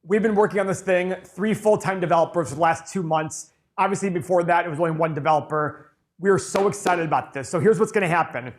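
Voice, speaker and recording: A man with a notably high voice co-hosts a live stream. He lays out instructions one step at a time in an upbeat, explanatory tone. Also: quick pace. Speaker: co-host announcing a software release.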